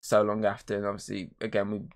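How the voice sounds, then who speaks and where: A man's voice: lowish voice, quick pace. A man hosting a podcast, chatting casually about movies in a rambling way, swearing often. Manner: rambling, swears a lot, animated retelling. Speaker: podcast host. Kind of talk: casual movie review chat.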